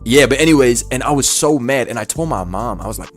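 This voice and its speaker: A young man tells a wild childhood story in a loose, animated way, laughing and swearing as he goes. His voice sits at a middle pitch. Faint music plays under him. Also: quick pace, hardly any pauses. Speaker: streamer telling a story. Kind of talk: casual storytelling.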